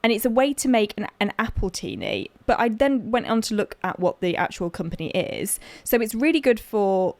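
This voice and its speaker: A woman's voice: mid-range voice, very animated, normal speed, hardly any pauses, no room sound. A young woman from Lincolnshire co-hosts a podcast in a casual, chatty way. She rambles a little, restarting sentences and dropping in fillers. The sound is dry and close. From Lincolnshire, England. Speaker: podcast co-host. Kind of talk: casual chat.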